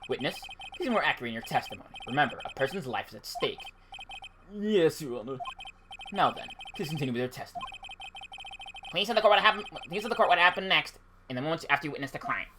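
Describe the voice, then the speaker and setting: A woman voicing a stern older male judge who gives brisk instructions to the court. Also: low voice, expressive, noisy background. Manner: brisk, admonishing.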